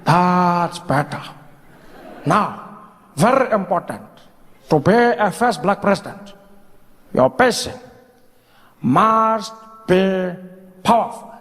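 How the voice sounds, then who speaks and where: Brief: comedian putting on an aged statesman, wise, slow and grave, lively pitch, on a reverberant stage. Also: heavily acted. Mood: slow-lecturing. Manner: slow, weighty, measured delivery.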